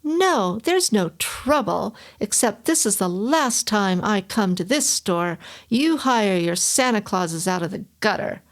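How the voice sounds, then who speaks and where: A woman reading a story aloud, voicing a loud, rude middle-aged mother who screeches her lines. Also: animated, a little slow, hardly any pauses. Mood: indignant. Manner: screeching, shrill. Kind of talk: audiobook reading.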